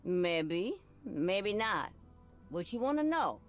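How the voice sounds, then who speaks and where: A woman's voice: medium pitch, very animated, slow pace, soft background music. An actress voicing a shrewd bayou woman with a Creole accent who keeps dogs and hires out boats, in a video game. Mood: sly. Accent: Louisiana Creole.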